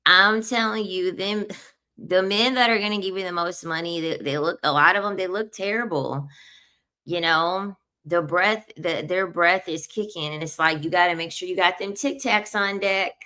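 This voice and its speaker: A woman's voice: on the low side, moderate pace, bright, forceful tone. A woman in her thirties giving blunt, emphatic opinions in a casual commentary, often repeating her points. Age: 30s. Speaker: online commentator.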